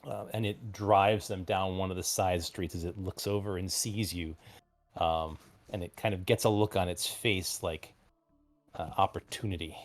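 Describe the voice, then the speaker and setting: His voice sits low and his intonation stays fairly even as he runs a tabletop role-playing game. He describes each scene in a hesitant, meandering way, leaning heavily on fillers.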